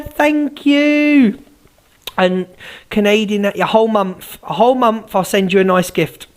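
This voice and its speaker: A man hosting a phone live stream, chatting bluntly and teasingly while thanking viewers for gifts. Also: high voice.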